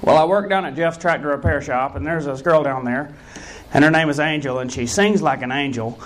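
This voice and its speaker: A man voicing a lovesick, mopey young country man who pours out his troubles in a slow, mournful way. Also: fairly high pitch, a little hiss or hum, close to an everyday voice.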